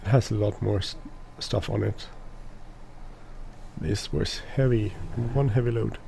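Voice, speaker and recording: Swedish guy rambling over a farming game, low gravelly mellow voice, lots of uhs. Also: unhurried, a little hiss or hum. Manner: rambling, many restarts and fillers. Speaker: let's play host. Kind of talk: casual gameplay commentary.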